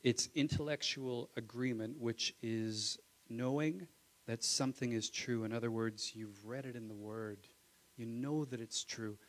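A male pastor preaching a live Sunday sermon in church, swinging from loud exclamations to hushed asides and calling "Amen?" to the congregation. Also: mid-range voice, steady tone, unhurried, rough recording. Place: church sanctuary.

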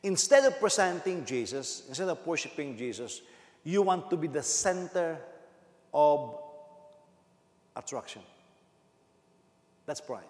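A man with a Filipino accent preaching a sermon as senior pastor, animated and laughing often. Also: a little high, a little slow, pauses often. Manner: animated, laughing, switching between English and Tagalog. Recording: echoey hall with long reverb.

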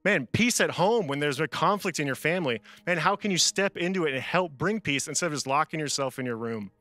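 With a slightly high voice and a fairly quick pace, a man preaches casually to young people, with no echo on the recording. He's animated as he tells stories, sprinkling "man" throughout almost everything he says.

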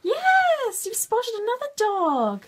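A woman's voice: sits high, sing-song, takes it slowly, a bit bright, slight background noise. A woman patiently naming pictures in a book with a toddler, praising each answer. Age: adult. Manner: patient, praising, sing-song. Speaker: parent teaching a toddler.

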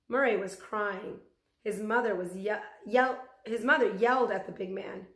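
A woman's voice: medium pitch, normal speed. Woman teacher reading a chapter book aloud. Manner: gentle, warm sign-off. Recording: echoey room.

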